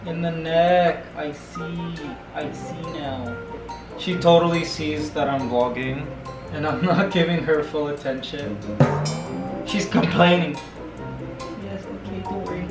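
A fairly high-voiced man chats slowly and playfully in an echoey room, laughing often and cooing to his pet. Music plays clearly behind him. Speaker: vlogger. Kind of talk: casual vlog chat. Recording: roomy echo with music behind.

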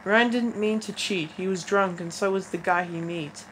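A teenage girl with a medium-pitched, slightly bright voice reads fanfiction casually, stumbling, backing up to restart, and offering wry asides between passages. It's a low-quality recording with faint noise in the background.

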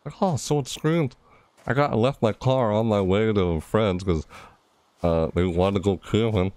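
A man casually commenting on his horror game playthrough, jumpy and excitable, talking to viewers and reading game prompts aloud. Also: on the low side, moderate pace, dry recording. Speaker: gameplay streamer.

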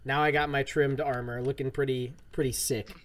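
A man's voice: medium pitch, flat delivery, moderate pace, a crowd in the background. A young man hosting a casual gaming livestream, upbeat and greeting viewers in chat by name. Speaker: streamer host.

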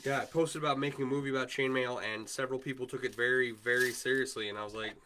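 A livestream host with a Wisconsin accent talks fast with hardly any pauses while making chainmail, chatting casually, rambling and replying to viewer comments. His voice is medium-pitched and sharp with a steady tone, over slight background noise.

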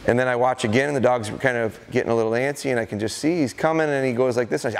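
A middle-aged man gives a live training seminar, his voice at an ordinary middle pitch. He tells anecdotes and slips into the voices of dogs and owners. His voice rings with the long reverb of a large event hall. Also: racing, creaky. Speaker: dog trainer leading a seminar. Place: event hall at a deer festival.

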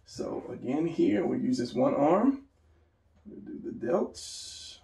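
Gravelly man teaching drawing, echoey room. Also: on the high side, expressive, slow pace, warm tone, recorded from a distance. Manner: rambling, talks to himself while sketching. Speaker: drawing instructor. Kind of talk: casual drawing tutorial.

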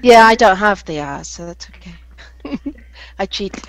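A woman with an English accent on a video call, joking and quick to laugh. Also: medium pitch, lively intonation, poor audio. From England. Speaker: participant. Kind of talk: casual video-call discussion.

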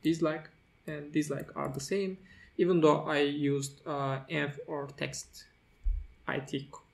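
Gravelly man narrating a coding tutorial. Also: a little high, level tone, slow. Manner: walks through steps as he types, with fillers and self-corrections. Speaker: tutorial host. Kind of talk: screen-recorded coding tutorial.

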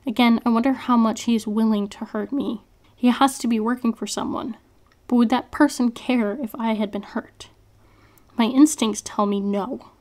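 A woman author reading her own novel aloud in an expressive first-person narration. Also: on the high side, moderate pace.

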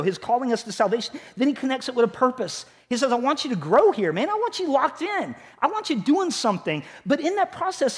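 Pastor, middle-aged man, higher voice, very lively pitch, delivering a sermon with big rises and quiet drops. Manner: animated preaching, rising and dropping sharply for emphasis. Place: church sanctuary.

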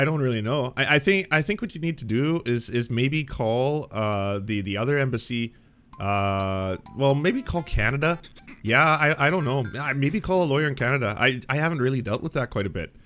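A man's voice: mid-range voice, expressive, moderate pace, bright, forceful tone, faint music behind. Here is a clueless male embassy staffer, as a storyteller acts him out. He answers in a bemused, rambling way, never quite sure what to say. He keeps trailing off and restarting.

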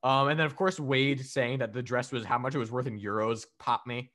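With a steady, fairly bright tone that runs a little fast, this medium-pitched co-host talks wrestling on a podcast. His review is loose and profane, full of rambling fillers and frequent laughter.

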